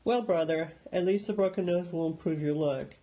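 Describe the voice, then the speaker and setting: A man reading a calm older brother with a dry, teasing manner. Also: fairly high pitch, moderate pace, pitched above the performer's own voice, natural voice.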